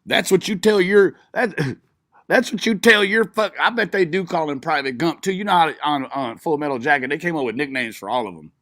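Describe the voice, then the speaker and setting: Brisk and expressive, with a fairly high pitch and fairly bright tone, a man streams his reaction to a live video. His commentary is profane and mocking, punctuated by frequent laughs, and the sound is clean studio audio without echo.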